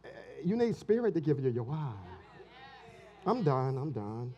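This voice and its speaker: A man's voice: on the high side, sing-song, a little slow, dark tone, breathy edge, highs cut off. A man preaching a sermon as pastor, emphatic and colloquial, repeating key phrases.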